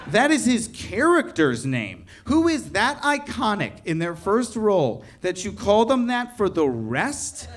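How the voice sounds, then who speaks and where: With a high, wildly swooping voice, a young comedian delivers a mock-outraged rant to a live audience, keeping a measured pace and barely pausing. Crowd laughter fills the live venue.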